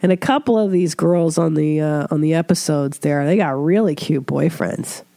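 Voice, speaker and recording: Woman podcast host with a cold: stuffy, chatty, loose-mouthed, with a dark, dry tone. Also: sits low, moderate pace, vocal fry, dry recording. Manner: chatty, swears freely, puts on voices when quoting others. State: congested from a cold. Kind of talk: casual chat.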